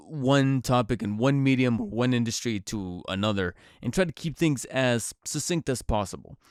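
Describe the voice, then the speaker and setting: A man hosts his own podcast, chatting casually solo in a mid-range voice with a clean tone, recorded dry at studio quality. Slightly nasal and congested from a cold, he rambles with lots of fillers and restarts.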